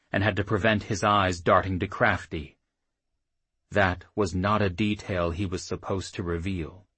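A man narrating a fantasy audiobook in an even, deliberate reading style. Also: low voice, husky, no echo.

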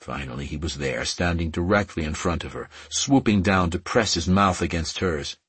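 A man narrating an audiobook in a measured, softly emotive reading. His voice sits very low and sounds husky. The recording is dry and close. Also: dry recording.

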